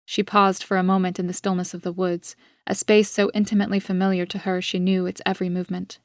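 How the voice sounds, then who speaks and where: A woman reads her own dark story aloud in a steady, measured way. Her voice sits a little low and stays quite flat in pitch. The recording is close and dry, with no room sound. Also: no room sound. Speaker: author and narrator. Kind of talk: scripted audiobook narration.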